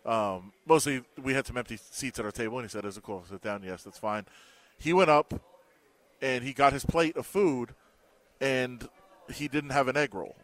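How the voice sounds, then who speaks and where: Casual sports talk and storytelling come from a man co-hosting a radio show, who performs the lines of those he quotes. His voice is mid-range at normal speed, with no room sound. He tells stories animatedly, acting out the dialogue.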